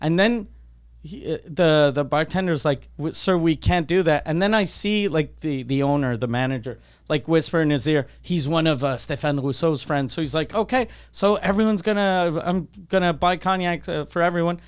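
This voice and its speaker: A man's voice: fairly high pitch, moderate pace, smooth. Profane storytelling male podcast host. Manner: profane animated storyteller, acts out quotes. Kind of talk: casual chat.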